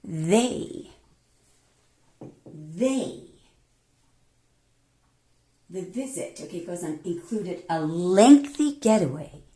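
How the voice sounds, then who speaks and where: A woman's voice: sits low, mellow. A woman tarot reader delivering an emphatic, indignant monologue with many rambling restarts.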